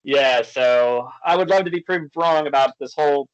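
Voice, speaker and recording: A man's voice: a little high, moderate pace, clean tone, dry recording. Man telling stories on a lo-fi podcast. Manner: storytelling, animated, acts out quoted exchanges. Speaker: podcast guest. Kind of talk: casual chat.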